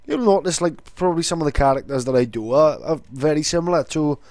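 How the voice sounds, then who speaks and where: A man's voice: a little high, expressive, quick pace, darkish tone, no room sound. A young man chatting casually and rambling on, swearing now and then. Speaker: vlogger. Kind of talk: casual vlog talk.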